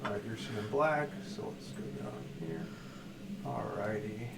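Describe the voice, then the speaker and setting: A man narrates a science-fiction tabletop game as its game master, in a relaxed, halting way full of fillers. The sound is echoey and carries steady background noise over a video call. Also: fairly low pitch, vocal fry. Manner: relaxed, hesitant, many fillers.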